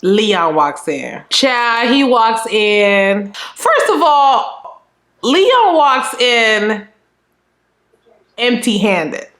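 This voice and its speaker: A young woman with a Southern US accent tells a story in a casual, animated way, talking straight to the viewer. Her voice sits fairly high, and it echoes around a room that bounces the sound back. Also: extremely slow. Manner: animated, chatty, fills talk with "you know what I'm saying". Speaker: storytime vlogger.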